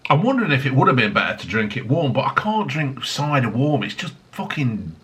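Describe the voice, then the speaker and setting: Middle-aged man, sweary and rambling, bright voice, lively pitch. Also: fairly quick. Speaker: drinks reviewer. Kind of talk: casual review vlog. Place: home desk.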